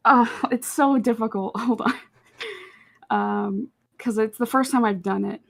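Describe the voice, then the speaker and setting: A Texan woman who works as a voice actor chats casually about her job as a podcast guest. Her voice is fairly high and creaky with fairly even intonation, and she talks in quick bursts, laughing often.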